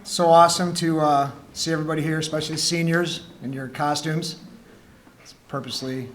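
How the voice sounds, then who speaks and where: A man, a high school teacher, telling a humorous personal story to students in a school gym, acting out the dialogue. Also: brisk. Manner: joking, animated storyteller who acts out dialogue.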